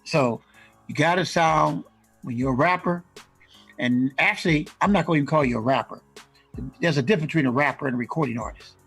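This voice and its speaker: A man co-hosting a casual radio show, giving animated advice to recording artists. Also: a little high, fairly quick, vocal fry, husky, soft background music. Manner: animated, acts out rap lines and ad-libs. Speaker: co-host giving music industry advice.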